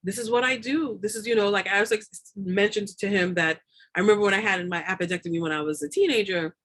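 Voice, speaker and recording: A woman's voice: medium pitch, fast talker, a bit bright. A woman doula talking as a guest in a casual interview, rambling with many fillers and repeated words, often laughing. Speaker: doula and lactation consultant, guest.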